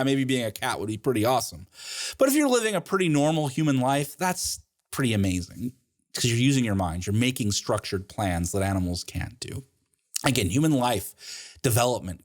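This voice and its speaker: A man lecturing as a college ethics professor, joking and laughing at his own asides. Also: mid-range voice. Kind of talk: recorded lecture.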